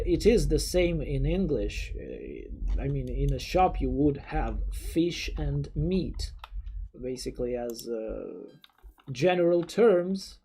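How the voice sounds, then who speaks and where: Streamer rambling slowly to chat, lots of stammery restarts, soft dark tone. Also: medium pitch. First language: Russian. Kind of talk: casual live-stream chat.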